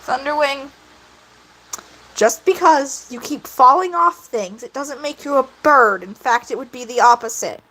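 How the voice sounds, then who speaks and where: A woman hosting a casual livestream, answering her chat in an animated, giggly way. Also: high-pitched, unhurried, slight background noise, rough recording. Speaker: livestream host.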